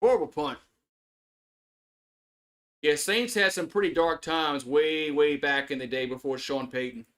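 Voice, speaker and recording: A man with a somewhat high voice calls a game live in a loose, chatty play-by-play. He rambles and restarts his sentences, swears freely and works himself up as he talks. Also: unhurried, long pauses, a bit bright. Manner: rambling, repetitive restarts, swearing, gets worked up. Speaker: sports streamer doing live play-by-play. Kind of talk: casual live play-by-play and reaction.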